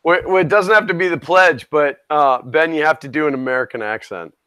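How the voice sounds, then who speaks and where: A man's voice: on the high side, a little fast, bright, forceful tone, clean tone, no room sound. A man from Minnesota co-hosting a livestream, a chatty storyteller in casual chat. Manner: chatty storyteller, laughs easily. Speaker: co-host of a livestream.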